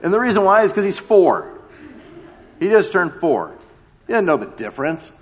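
A man's voice: high-pitched, very animated, normal speed. A man in his thirties, a pastor giving a conversational sermon that often repeats its phrases.

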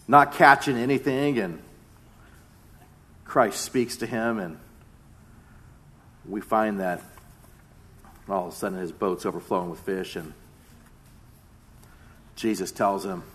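A man in his thirties, a pastor giving a conversational sermon that often repeats its phrases. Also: mid-range voice.

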